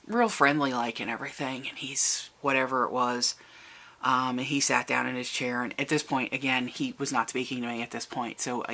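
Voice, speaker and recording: Vlogger telling a family story, bright tense voice, keeps restarting, goes higher when quoting people. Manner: recounts events, raising the voice for quoted people; halting, with many restarts. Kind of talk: personal storytelling to camera.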